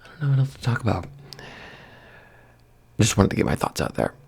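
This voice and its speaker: Man, vlogger, husky low voice, casual opinionated rant. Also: a little fast. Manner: ranting, exasperated, animated.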